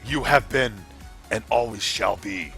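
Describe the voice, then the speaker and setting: Man impersonating a grave, low-voiced alien officer, slow and deliberate, game stream. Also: gravelly, bright, forceful tone, soft background music, exaggerated voice. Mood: solemn. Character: solemn deep-voiced alien officer quoting lines.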